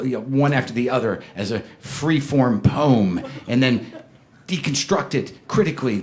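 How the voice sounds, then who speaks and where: A middle-aged man doing a stand-up comedy set on a club stage, telling a rambling, neurotic story and acting out the quotes. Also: medium pitch.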